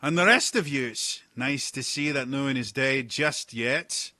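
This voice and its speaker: A man's voice: medium pitch, a little slow, dry recording, studio quality, pitched above the performer's own voice. A man voicing a boisterous, blunt pirate captain in a tabletop game. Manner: loud, blunt, teasing.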